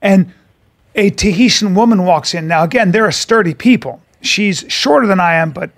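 A middle-aged man co-hosting a podcast, telling comic stories in an animated, profane way and acting out the people in them. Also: high voice, normal speed, gravelly. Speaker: podcast co-host. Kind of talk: casual comedic storytelling.

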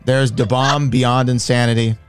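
A man's voice: mid-range voice, little pitch movement, normal speed, clear, resonant tone, faint music behind. A man hosting a show, talking in a loose, chatty way with filler ums. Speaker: show host.

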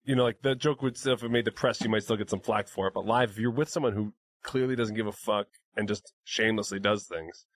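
A man co-hosting a podcast in casual chat, agreeable and quick to chime in with assent. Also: fairly low pitch, fairly even intonation, dry recording. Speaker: podcast co-host.

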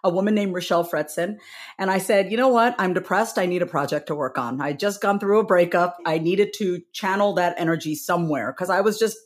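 Lively, candid woman chatting as a guest. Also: fairly low pitch, brisk. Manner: animated, laughing, candid. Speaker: podcast guest, author. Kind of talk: casual interview chat.

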